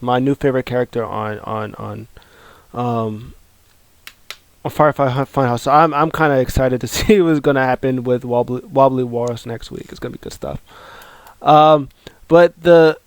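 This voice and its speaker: Casual recap host: a man, rambling and excitable, in a dry, close recording. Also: mid-range voice, clean tone, no echo. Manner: excitable, rambling with many fillers and restarts. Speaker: wrestling show recap host. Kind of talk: casual video commentary.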